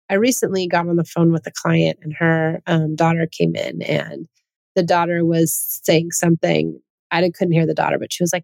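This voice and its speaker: A woman hosts a parenting podcast solo, speaking earnestly and putting many questions to her listeners, and she acts out quoted parents in a higher voice. Her voice is creaky and a little mellow, with no room sound.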